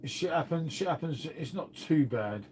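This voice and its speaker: A man's voice: fairly high pitch, expressive, moderate pace, very noisy. A man, from England, hosting a casual live stream, rambling and swearing, calling everyone "mate". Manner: rambling, swears a lot, says "mate" constantly. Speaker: livestream host.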